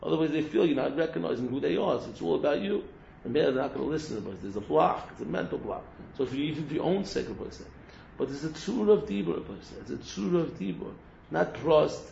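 A man's voice: on the high side, lively intonation, quick pace, vocal fry, darkish tone, a little hiss or hum. A man, a yeshiva teacher, giving a humorous ethical talk to students. He repeats words and restarts often, mixing in Hebrew terms. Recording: roomy, dull lo-fi recording.

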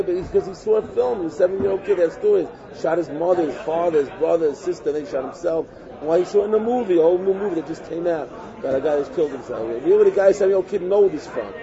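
A man with a fairly high voice gives a lively religious talk, circling back on his points and slipping into other people's voices as he goes. The recording is muffled and dull. A crowd murmurs clearly behind him. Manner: animated, repetitive, acts out quotes. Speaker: religious teacher. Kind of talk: informal Torah talk.

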